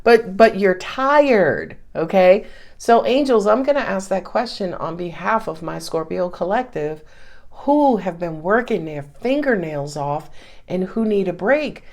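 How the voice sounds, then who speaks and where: Chatty woman doing a tarot reading, laughs a lot, swears here and there, mid pitch. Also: a little slow. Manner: animated, laughs often, swears casually. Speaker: tarot reader. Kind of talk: casual spoken tarot reading.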